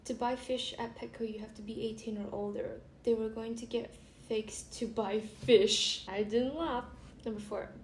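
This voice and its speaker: A young woman vlogger chatting casually and reading funny stories aloud while she does her make-up, giggling and trailing into soft asides. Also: a little high. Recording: echoey room with faint background hiss.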